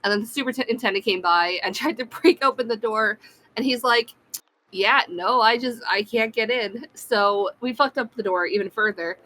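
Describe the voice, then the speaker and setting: A woman's voice: fairly high pitch, moderate pace, bright, forceful tone. A woman co-hosting a casual gaming podcast, telling a story with frequent laughs, fillers and swearing. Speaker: podcast co-host. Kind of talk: casual chat.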